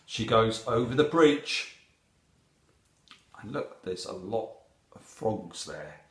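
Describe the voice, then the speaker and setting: Guy reading a kids picture book aloud, slow and bouncy, echoey room. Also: lowish voice. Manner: animated, asks the listener questions. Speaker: storyteller.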